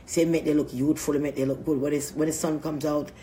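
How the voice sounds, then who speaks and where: A woman's voice: sits low, flat delivery, fairly quick, mellow, a little hiss or hum. A woman vlogger talking in a rambling, crude casual monologue, often laughing mid-sentence.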